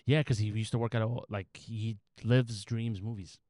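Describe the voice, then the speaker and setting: A man's voice: on the low side, fairly even intonation, moderate pace, a little mellow, dry recording. A man co-hosting a podcast in casual chat, talking in a profane, rambling, joking way into a close podcast mic. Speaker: podcast co-host.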